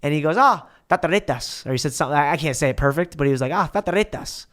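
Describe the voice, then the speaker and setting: A man in his twenties, a podcast guest, telling a story in a casual, animated, slangy way and acting out what people said. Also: on the high side, racing, clean tone. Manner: animated, slangy, acts out quotes.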